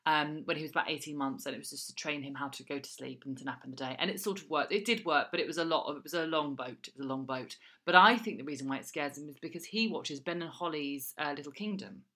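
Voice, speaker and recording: A woman's voice: sits low, fast, hardly any pauses, sharp tone. A woman co-hosting a podcast, chatting frankly and telling stories. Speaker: podcast co-host. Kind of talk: casual chat.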